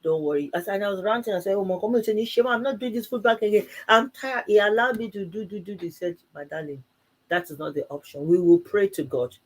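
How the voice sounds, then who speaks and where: A woman co-hosting a live church talk show, telling a personal story with plenty of energy. She laughs easily and voices both sides of each exchange she recounts. Her voice sits at a middling pitch. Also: quick pace, hardly any pauses. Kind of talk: casual conversational storytelling.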